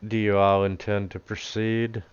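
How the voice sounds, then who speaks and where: Male game master, low and very crisp, slow delivery, slightly dull lo-fi mic. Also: level tone, no room sound. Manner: unhurried, chuckling narration. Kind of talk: narrating a tabletop game.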